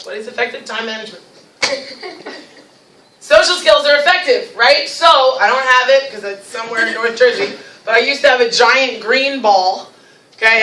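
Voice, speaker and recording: A woman presenting a lively teacher workshop, playful and animated, breaking into demonstrations in a large room. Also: fairly high pitch, recorded from a distance, a little hiss or hum. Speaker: special education director leading a teacher workshop. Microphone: distant from the recording mic. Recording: echoey room recorded from afar.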